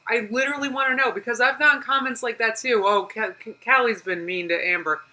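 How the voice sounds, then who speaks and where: A woman's voice: fairly high pitch, fast, hardly any pauses, bright, forceful tone, rough recording. A woman streaming a live reaction, exasperated and talking back to a clip, laughing often and reading viewer comments aloud. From United States. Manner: exasperated, talks back to the clip, demands evidence.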